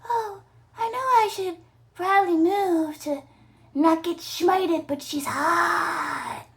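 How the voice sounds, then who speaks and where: A woman's voice: fairly high pitch, expressive, fast, close to an everyday voice. A woman voicing a lovestruck young Snow White in a breathless, gushing way. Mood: dazed.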